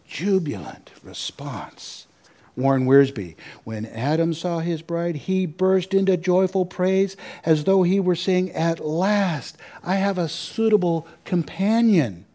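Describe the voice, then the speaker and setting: Male pastor, mellow tone, animated sermon delivery with dry asides. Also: on the high side. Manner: animated preaching with asides and repetition.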